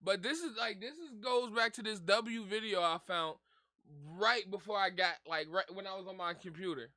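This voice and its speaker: Loud laughing streamer, bright high voice. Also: male voice, normal speed, no echo, studio quality. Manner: loud, laughing, profane running commentary. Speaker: streamer reacting to a video. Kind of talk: casual reaction commentary.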